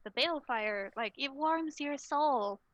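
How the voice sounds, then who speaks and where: A woman running a tabletop game as storyteller, narrating haltingly with many fillers. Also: high voice, lively intonation, a bit bright, no room sound, low-quality recording.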